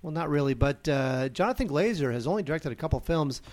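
A man co-hosting a film review chat in a somewhat higher voice. He talks in a measured, wry way, with the odd um along the way. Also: animated, a little mellow.

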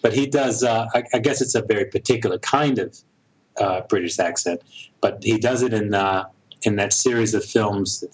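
A middle-aged American man, a director and producer, talks thoughtfully in a casual interview, often pausing and restarting his sentences. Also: on the low side, breathy edge, poor audio. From United States. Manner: thoughtful, halting, with frequent restarts.

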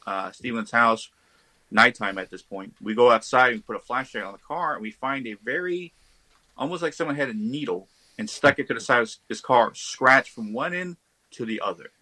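A man, a podcast guest, telling a ghost story in a casual, animated way. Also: mid-range voice, moderate pace, no echo, low-quality recording. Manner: animated, acts out quoted voices.

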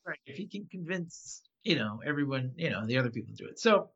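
A man rambling through an animated, laugh-filled retelling in casual chat. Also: medium pitch, fast, husky. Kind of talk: casual chat recapping an episode. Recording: slightly dull lo-fi sound.

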